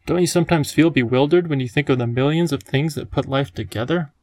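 Guy reading as a curious little girl, higher pitch, eager and wondering, storybook. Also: quick pace, a little mellow, dry recording, close to an everyday voice.

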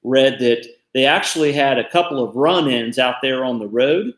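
Man talking in an echoey room. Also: medium pitch. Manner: thoughtful, halting, restarts often. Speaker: podcast co-host. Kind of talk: casual discussion.

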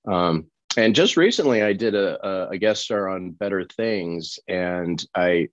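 A man from Colorado, a guest actor telling lively anecdotes in an interview and acting out the people he quotes. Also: low voice, unhurried, dry recording, muffled recording. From Colorado, USA. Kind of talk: animated storytelling in an interview.

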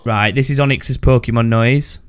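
A man's voice: mid-range voice, fairly even intonation, normal speed, heavy background noise. A man hosting a casual podcast, joking and laughing at himself, a little tipsy. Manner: joking, laughing, self-mocking. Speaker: podcast host.

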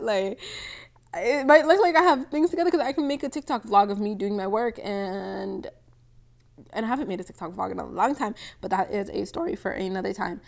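A woman's voice: medium pitch, expressive, brisk, gravelly, a little mellow. A twenty-one-year-old woman hosting a casual solo podcast, chatty and rambling, with lots of "like" and little laughs. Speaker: podcast host. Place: home, near a balcony.

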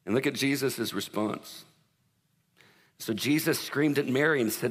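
A man's voice: mid-range voice, measured pace, husky. A man preaching a sermon in a conversational, joking way. He often puts questions to the congregation. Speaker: pastor. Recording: long reverb of a large hall.

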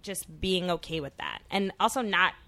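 A woman's voice: on the low side, lively intonation, moderate pace, bright, forceful tone. A woman in her twenties co-hosting a podcast, telling a personal story candidly with lots of fillers. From New York. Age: 20s. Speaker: podcast co-host. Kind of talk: casual chat.

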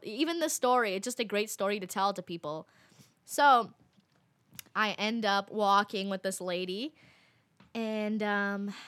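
A young woman casually telling a story, chatty and full of fillers, quoting people with lively voices. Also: medium pitch.

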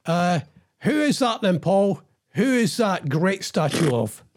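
A man chats on a video call with a high-pitched voice. His speech swoops up and down with lively energy. He stumbles along with plenty of fillers while running quiz games. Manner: chatty, halting with many fillers. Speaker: co-host. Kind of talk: casual chat with quiz games.

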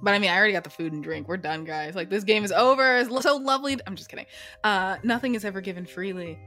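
A woman's voice: medium pitch, racing, pushed and bright, soft background music. Chatty, profane woman narrating a solo game. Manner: profane, chatty, self-interrupting. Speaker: solo tabletop game player. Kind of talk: casual solo role-play narration.

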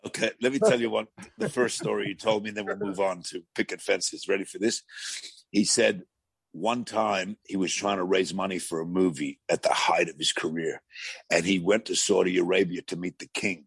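A man with a gravelly voice, a talk show guest telling rambling anecdotes with many restarts. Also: sits low, fairly even intonation, normal speed, no echo. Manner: rambling storyteller with frequent restarts.

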